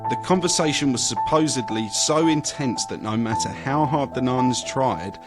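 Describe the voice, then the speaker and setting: A man hosting a podcast, reading a paranormal story in a casual, lively way. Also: medium pitch, normal speed, loud music behind the voice. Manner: casual, swearing, lively narration. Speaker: podcast host.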